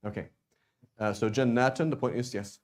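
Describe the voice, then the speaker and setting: A man's voice: mid-range voice, fairly even intonation, moderate pace, a little mellow. A man teaching, full of "right?" checks. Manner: explains with many restarts and "right?" checks. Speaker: Arabic teacher. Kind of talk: classroom lesson.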